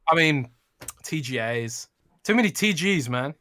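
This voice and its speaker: A man with a bright, slightly high voice, co-hosting a gaming podcast in a jokey, easy-laughing way. His sentences often trail off quietly, on a dry, close recording. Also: expressive, a little slow, dry recording. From United Kingdom. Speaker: podcast co-host, games writer. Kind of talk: casual podcast chat.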